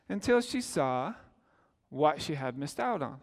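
A man's voice: high voice, big pitch swings, slow, big-room sound. A middle-aged man preaching a sermon, telling stories in a conversational way and acting out the quotes. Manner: storytelling, conversational with acted quotes. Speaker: pastor.

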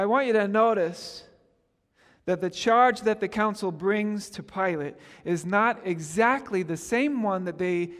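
A man preaching a sermon, animated, acting out the speakers he quotes and often repeating his words. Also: sits high, in a large hall.

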